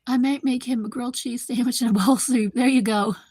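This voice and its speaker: Woman in her fifties, a bit high-pitched, rambling and chatty host on a home live stream, dry close sound. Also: fairly even intonation, fast, a little mellow, slightly rough, no echo. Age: 50s. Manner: rambling, chatty, talks to viewers by name. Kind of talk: casual live-stream chat. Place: home kitchen. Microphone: computer microphone.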